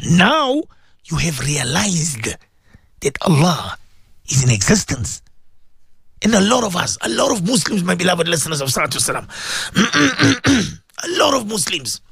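A man hosting an Islamic radio show as a maulana, preaching with passion and repeating himself for emphasis. He has a sore throat and keeps clearing it. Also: high-pitched, a bit bright, no echo. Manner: impassioned, repetitive, rising to emphatic peaks.

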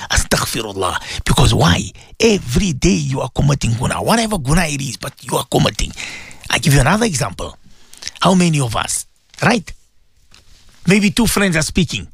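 A man's voice: sits high, a bit bright, dry recording, studio quality. A man giving a radio sermon as a preacher and host, emphatic, repeating his phrases and asking rhetorical questions.

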